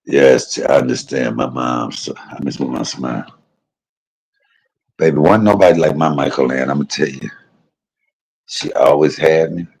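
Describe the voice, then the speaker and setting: A man's voice: a bass voice, steady tone, a little slow, long pauses, a little mellow, husky, low-quality recording. A man livestreaming from a private hospital room, talking in a rambling, heartfelt way and often turning to his viewers directly. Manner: rambling, heartfelt, keeps addressing viewers as y'all. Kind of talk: casual emotional livestream chat.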